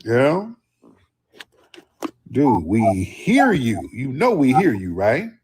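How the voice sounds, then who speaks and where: Guy hosting a livestream, husky voice, swings his pitch all over, cussing and drawling. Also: extremely slow. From Houston, Texas. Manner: animated, drawling, profane banter. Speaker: livestream host. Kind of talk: casual livestream chat.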